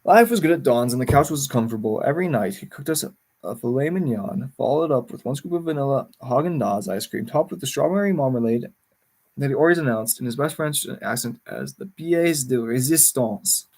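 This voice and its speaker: Husky man reading a memoir aloud. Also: medium pitch, animated, a little fast, a little mellow. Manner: stumbles and corrects words as he reads. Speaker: livestreamer reading a book.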